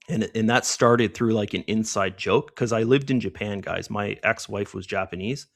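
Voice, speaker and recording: A chatty middle-aged man talks through his trades on a live stream with a lowish voice. He keeps tossing in "right?" as he goes, and the sound is dry and close. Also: measured pace, gravelly, long pauses, a bit bright, no echo. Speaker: trading stream host. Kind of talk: live trading commentary.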